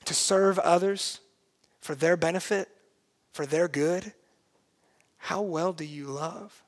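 A man preaching a sermon as pastor, earnest and emphatic, swinging from hushed, quiet lines to loud, forceful ones. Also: on the high side, takes it slowly.

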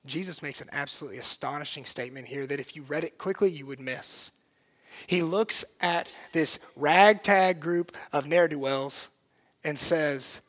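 Guy preaching a sermon, higher voice, earnest, drops way down quiet then gets loud. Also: moderate pace. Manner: earnest and emphatic, swinging from hushed to loud. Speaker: pastor.

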